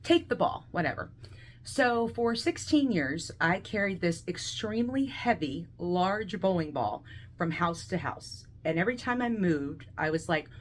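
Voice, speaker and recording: A woman of around forty with a fairly low voice tells a personal story over a video call. She acts out the people in it and swings between bursts of laughter and soft, heavy moments. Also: lively intonation, unhurried, a little hiss or hum. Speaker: guest speaker sharing a personal story.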